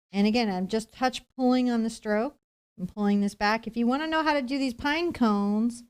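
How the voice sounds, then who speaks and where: A woman teaching acrylic painting on a live stream, explaining each step in a chatty, relaxed way. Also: a little high, smooth.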